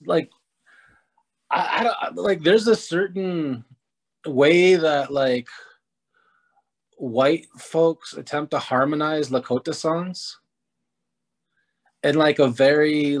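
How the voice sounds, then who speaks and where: A man's voice: a little high, slow pace, pauses often. A man presenting at a community talk, telling self-mocking stories with easy laughs. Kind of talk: casual storytelling talk.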